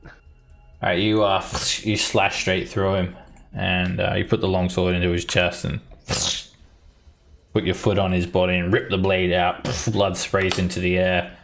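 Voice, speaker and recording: Gravelly low guy running a d&d game, faint music behind. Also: flat delivery, measured pace, a bit bright. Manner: vivid descriptive narration. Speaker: dungeon master. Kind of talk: narrating a tabletop game.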